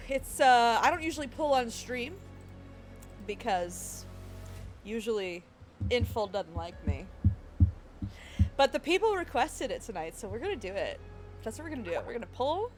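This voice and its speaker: A young woman streaming live, chatting casually and giggling as she greets her viewers. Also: sits high.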